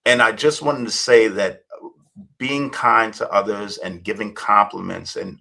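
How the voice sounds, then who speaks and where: Middle-aged guy on an interview, low gravelly voice, husky, rambles with lots of ums. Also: normal speed, bright, forceful tone, low-quality recording. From United States. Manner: rambling, many fillers and restarts. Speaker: guest, hip-hop journalist. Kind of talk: storytelling interview.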